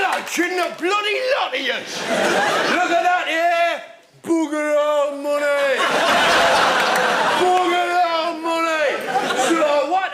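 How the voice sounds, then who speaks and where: A man playing a loud, boastful northern lad with a Geordie accent, shouting and swearing in a live sketch. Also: extremely high pitch, full character voice. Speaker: comedy character. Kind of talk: live sketch comedy monologue. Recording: roomy stage with loud crowd and noise. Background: audience laughter.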